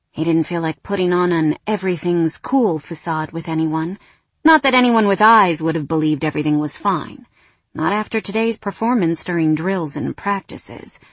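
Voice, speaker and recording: A woman narrating an audiobook in an expressive voice with dramatic pauses. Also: mid-range voice, dry recording.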